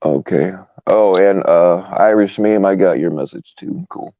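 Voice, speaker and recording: A man co-hosting a casual chat, talking haltingly and repeating words. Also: low-pitched, no room sound. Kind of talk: casual banter. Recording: dull, muffled sound.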